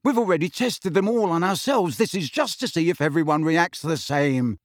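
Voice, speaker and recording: A man's voice: on the high side, moderate pace, no echo, studio quality, pitched above the performer's own voice, lightly acted. A man voicing a cheeky, defiant teenage prankster boy in an audiobook. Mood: cocky. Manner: cocky and indignant. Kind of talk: audiobook character voice.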